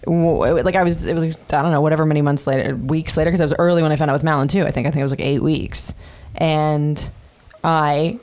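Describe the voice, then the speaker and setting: A woman's voice: deep voice, fairly even intonation, quick pace, darkish tone. A woman in her thirties casually telling a personal story on a podcast, chatty and profane with many fillers. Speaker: podcast host.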